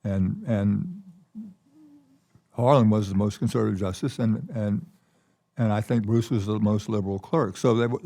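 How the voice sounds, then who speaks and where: An older man speaks as the keynote guest at a conference, spinning anecdotes with stops and restarts. His voice sits low and gravelly, with a mellow, dark tone. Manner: anecdotal storyteller, halting restarts. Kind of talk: conference conversation.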